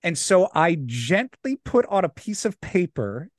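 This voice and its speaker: A young man and podcast co-host, telling a story in casual chat, animated and laughing as he acts out the people in it. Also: on the high side, measured pace, few pauses, dry recording, clean studio sound.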